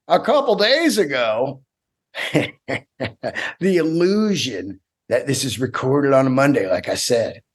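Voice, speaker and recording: A stand-up comedian in his fifties hosts his own solo podcast, telling stories with a fairly high-pitched voice. He's excitable, profane and rambling, restarting his sentences again and again.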